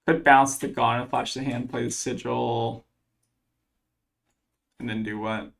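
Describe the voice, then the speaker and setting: A man's voice: medium pitch, steady tone, unhurried, creaky, a bit bright. A man commentating his own card game match, thinking aloud as he weighs each play, with plenty of fillers. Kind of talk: casual gameplay commentary.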